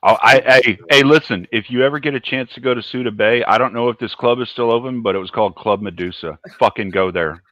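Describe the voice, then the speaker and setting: A man's voice: mid-range voice, fast, hardly any pauses, fairly bright tone, no echo, lo-fi sound. A Southern American man, a panelist in a casual chat, laid-back, profane and rambling. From United States.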